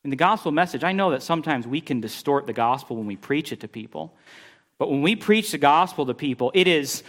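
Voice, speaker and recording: A middle-aged man preaching a sermon, telling a story with animated, exasperated bursts. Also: brisk. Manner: animated storytelling, rising pitch when exasperated. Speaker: pastor.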